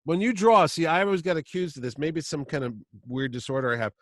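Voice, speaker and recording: Animated man telling stories. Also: on the high side, fast, dry recording, studio quality. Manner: animated storyteller, acts out quoted voices. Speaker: comic con host. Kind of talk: casual podcast chat.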